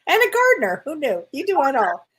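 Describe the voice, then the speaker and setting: A woman co-hosting a casual chat, supportive and quick to laugh. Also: sits high, wildly swooping pitch, a bit bright. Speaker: co-host.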